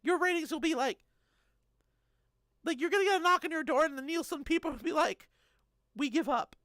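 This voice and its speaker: A woman's voice: high voice, a little fast, fairly bright tone, no echo. A woman in her thirties streaming live, chatting casually and joking as she answers chat messages.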